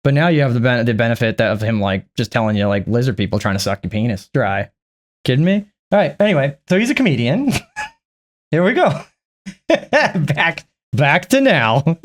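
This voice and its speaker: A man's voice: medium pitch, sing-song, moderate pace. A man giving casual reaction commentary on clips, sarcastic and profane, mocking what he watches. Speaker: reaction streamer.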